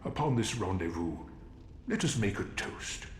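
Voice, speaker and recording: An actor playing a jovial, kindly knight with a hearty, theatrical manner in a game. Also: male voice, on the low side, very animated, normal speed. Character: jovial onion-armored male knight, hearty and kind. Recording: game audio in a roomy, echoing hall.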